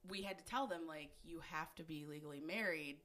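A woman's voice: low-pitched, brisk, fairly bright tone. A woman hosting a podcast in casual chat, laughing often and swearing freely. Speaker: podcast host.

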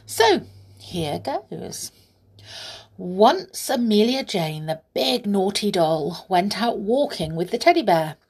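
A woman reading a children's story aloud, telling it gently and sometimes dropping into soft whispers. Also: mid-range voice, big pitch swings, slow pace, husky.

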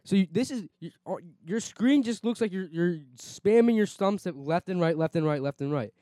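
A man's voice: high-pitched, animated, moderate pace, dark tone, no room sound. A young man co-hosting a podcast, defensive and protesting in casual banter with friends. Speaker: podcast co-host.

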